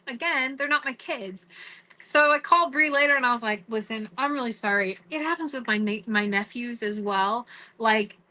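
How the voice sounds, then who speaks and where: Bright high-voiced chatty woman vlogger. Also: low-quality recording. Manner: chatty, many "like"s and restarts, quotes others. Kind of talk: casual storytelling to camera.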